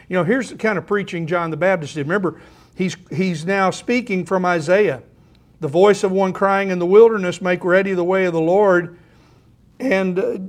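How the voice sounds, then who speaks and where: Older pastor with a high voice. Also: male voice. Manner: conversational preaching that swells into emphatic scripture reading. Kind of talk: sermon.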